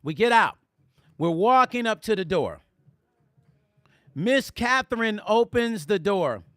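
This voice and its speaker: High, bright-voiced storytelling man. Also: takes it slowly, no echo, clean studio sound. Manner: animated, addresses viewers directly, reads chat aloud. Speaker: musician and vlog host. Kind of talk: casual storytelling livestream.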